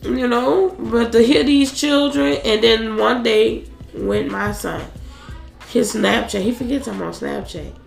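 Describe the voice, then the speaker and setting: A woman in her thirties trades blunt, profane stories in relaxed conversation. Her slightly high voice carries a gravelly fry. The room around her is echoey, and faint music plays behind her. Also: a little slow. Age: 30s. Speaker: podcast co-host. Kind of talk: casual chat.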